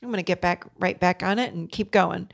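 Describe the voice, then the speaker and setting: Woman podcast host, middle-aged, low-pitched and gravelly, earnest coaching delivery. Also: brisk. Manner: earnest, coaching tone, speaks directly to listeners. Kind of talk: solo podcast talk.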